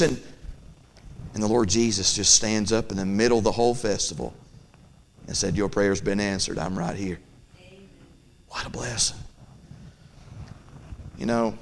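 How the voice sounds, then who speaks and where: A male pastor preaching a midweek sermon in church, rising to loud, fervent peaks and dropping to quiet, hushed talk, often repeating and restarting phrases. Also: mid-range voice, gravelly.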